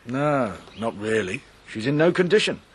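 An actor playing a calm, shrewd country police inspector, measured and dry, in a radio drama. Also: male voice, mid-range voice, breathy edge.

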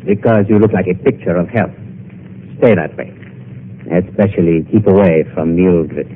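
An actor playing a smug, menacing police detective with a Spanish accent and a silky way of making veiled threats, in 1950s radio drama acting. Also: male voice, sits low, normal speed. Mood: sly. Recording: narrow-band old radio broadcast.

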